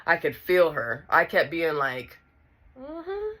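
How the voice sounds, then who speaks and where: A woman recounts a personal story in a casual vlog, talking right to her audience. Her voice sits low but comes across bright and forceful. She tells it with lively, animated energy. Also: measured pace. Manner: animated, talks straight to viewers. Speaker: vlogger telling a personal story.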